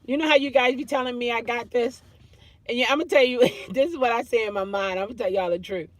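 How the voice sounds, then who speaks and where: A woman's voice: a little high, fast talker, no room sound. A woman vlogger chatting casually as she reads out viewer comments, laughing often and slipping into playful impressions. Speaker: YouTube vlogger. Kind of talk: casual chat reading comments.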